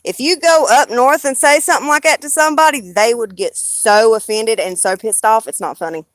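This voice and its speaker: A woman's voice: on the high side, a little fast, no echo. Blunt, rambling Southern woman streamer. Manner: rambling and blunt, swears freely. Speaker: live streamer. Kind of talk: casual live-stream chat.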